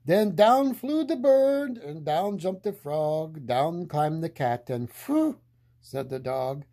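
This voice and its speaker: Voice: mid-range voice, slow pace, warm tone. A storyteller reading a picture book aloud in a playful way, often laughing along with the story.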